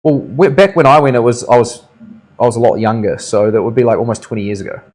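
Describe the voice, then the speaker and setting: A man with a New Zealand accent chats casually while he tattoos, his tone easygoing and full of banter. His pitch sits right in the middle of a man's range, neither deep nor high. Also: quick pace, darkish tone. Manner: chatty, laughing banter. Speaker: tattoo artist. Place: tattoo studio.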